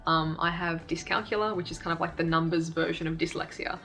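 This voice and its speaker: Flat-toned woman vlogging. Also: fairly low pitch, fairly quick, soft background music. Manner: candid, self-deprecating, laughs often. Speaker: YouTube creator. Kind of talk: casual reflective vlog talk.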